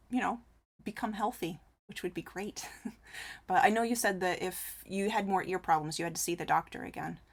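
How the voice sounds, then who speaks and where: A woman chatting casually on a live crochet stream, reading out viewer messages and answering them with frequent laughs. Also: medium pitch. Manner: chatty, reads chat aloud and answers, laughs often.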